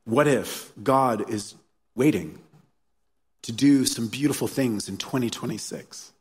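Speaking a little slowly, a man with a mid-range, slightly rough voice preaches as a pastor. His sermon is heartfelt and story-driven with repeated phrases, recorded live amid the reverberation of a church hall.

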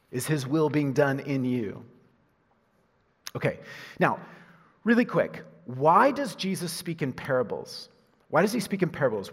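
A male pastor delivers a lively sermon with a slightly husky, breathy voice, jumping from loud emphatic lines to quiet, low asides. His voice rings out with the long reverb of a large hall. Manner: animated, swings from loud emphasis to hushed asides, laughs at himself.

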